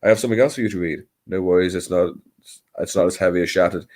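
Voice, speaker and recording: Here a man runs a late-night livestream from home, speaking quickly in a low-pitched, darkish voice into his computer mic. He rambles casually, hesitates often, and pokes fun at himself.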